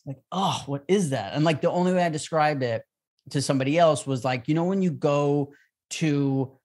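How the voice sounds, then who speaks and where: A man's voice: on the high side, a little fast, a little mellow. A man co-hosting a podcast in casual chat, rambling and leaning heavily on "like" as he acts out his own reactions. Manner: rambling, heavy use of "like". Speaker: podcast co-host.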